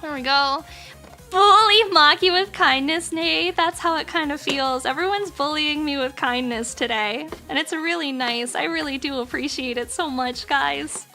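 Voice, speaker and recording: Woman streamer, very high bright voice, chatty and gushy while crafting live. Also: normal speed, soft background music. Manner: chatty and gushing, with many fillers.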